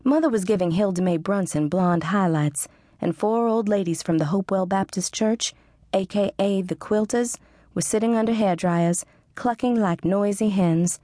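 A woman's voice: medium pitch, normal speed, warm tone, no echo, clean studio sound. A woman reading a first-person audiobook narration in a wry, sarcastic manner. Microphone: studio close mic.

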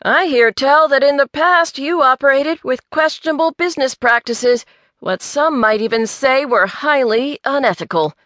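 A woman voicing a cranky older male busybody who talks in a gruff, accusing way. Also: high-pitched, normal speed, a bit bright, no room sound, pitched above the performer's own voice. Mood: indignant.

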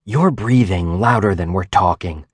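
A man reading a bold, teasing teenage girl in a thriller audiobook, in brisk, scolding tones. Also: low voice, slightly rough, dry recording, studio quality.

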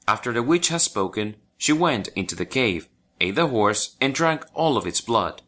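A man narrating a children's folk tale audiobook in an expressive storytelling manner. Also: medium pitch, normal speed.

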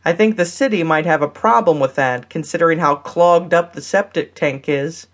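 A woman voicing a tall, gentle neighbor man who speaks softly and apologizes readily, in an audiobook. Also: low voice, moderate pace. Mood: apologetic.

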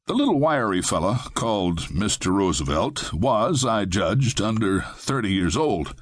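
A man narrating a western audiobook in the first person, with measured, plain-spoken delivery. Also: fairly low pitch, animated, no room sound.

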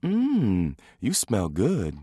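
A man voicing a teasing, sharp-tongued wife and mother in an audiobook, with playful, needling banter. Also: on the low side, wildly swooping pitch, very slow, husky, dry recording, studio quality, full character voice. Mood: fond.

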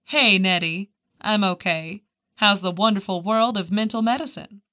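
A woman's voice: medium pitch, normal speed, sharp tone, close to an everyday voice. A woman narrating an audiobook, voicing the first-person heroine, a wry woman who trades dry, teasing banter with a friend.

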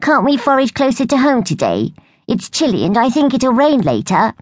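A woman's voice: fairly high pitch, sing-song, moderate pace, no echo, studio quality, pitched above the performer's own voice. A woman voicing a fussy young female woodland animal with a complaining manner. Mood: reluctant. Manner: complaining, reluctant.

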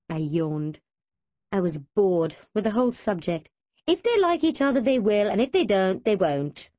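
A woman narrating a children's audiobook with an expressive, animated reading on a close studio mic. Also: mid-range voice, moderate pace, no room sound, lo-fi sound. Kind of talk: storybook narration.

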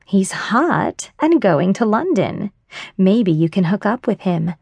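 Casting: female narrator doing a bold, teasing best friend, unhurried, dry studio sound. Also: medium pitch, sing-song, gravelly, a little mellow, husky, dry recording, dull audio, heavily acted. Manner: teasing, forward. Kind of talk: audiobook character voice.

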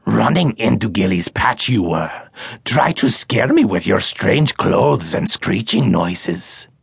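A man voicing a small, hairy male forest creature who speaks slowly in broken, halting grammar for a storybook. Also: lowish voice, expressive, gravelly, slightly rough, no echo, studio quality, heavily acted. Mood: indignant. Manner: slow, halting, odd grammar.

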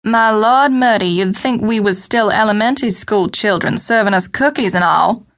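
A woman's voice: medium pitch, normal speed, a bit bright, lightly acted. A woman doing a young drawling Southern guy. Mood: sarcastic. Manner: drawling, sarcastic. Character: young southern man, sarcastic, smooth-talking boyfriend.

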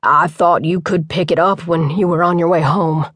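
A woman's voice: lowish voice, steady tone, normal speed, a bit bright, no room sound. A woman narrator voicing an earnest, worn-out young man who manages a building site. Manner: earnest, weary. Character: tired, loyal young male site manager.

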